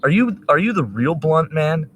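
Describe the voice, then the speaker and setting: A man's voice: fairly high pitch, big pitch swings, moderate pace, a little hiss or hum, pitched above the performer's own voice. A man voicing an incredulous young man who mockingly grills a stranger about who he is.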